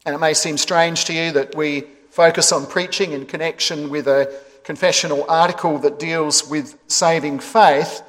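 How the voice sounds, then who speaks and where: A man preaching a sermon in a measured, emphatic way, stressing words and pausing between phrases. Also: fairly high pitch. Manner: measured, emphatic delivery with pauses. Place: church sanctuary. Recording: echoey church hall.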